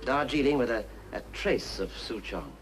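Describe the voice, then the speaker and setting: An actor playing a polite, precise middle-aged official in an old film, speaking in a dry, courteous manner. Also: male voice, medium pitch, lively intonation, normal speed, a little hiss or hum, lightly acted. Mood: genteel.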